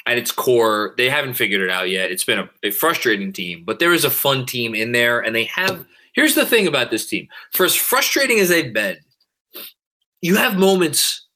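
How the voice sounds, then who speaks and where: A man hosts a casual podcast, working through listener comments one by one. He rambles, restarts his sentences and swears freely, all in a bright, forceful voice. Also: mid-range voice. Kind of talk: casual chat.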